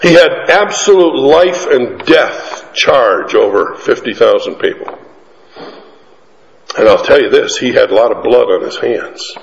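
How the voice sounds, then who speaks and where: A man preaching a sermon, telling a mission story with animated, emphatic delivery that climbs to high peaks. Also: vocal fry. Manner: animated, rising to emphatic peaks, drawn-out lines. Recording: echoey hall, muffled sound.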